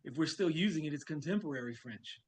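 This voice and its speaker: A man's voice: a little high, lively intonation, fast talker. A man from Louisiana, a guest in an interview, speaking frankly and telling stories from his own experience. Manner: frank, storytelling, acts out quoted remarks. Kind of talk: conversational interview.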